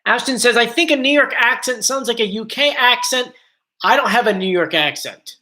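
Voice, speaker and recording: A man with a mixed South Jersey and Philadelphia accent hosts a casual live stream. His voice is bright and pushed forward, and he rambles cheerfully from one viewer comment to the next. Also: extremely high pitch, moderate pace.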